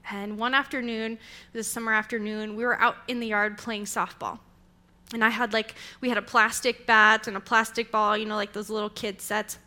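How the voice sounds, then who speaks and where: Bright-voiced young woman preaching. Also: fairly high pitch. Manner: conversational storytelling, animated. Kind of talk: sermon.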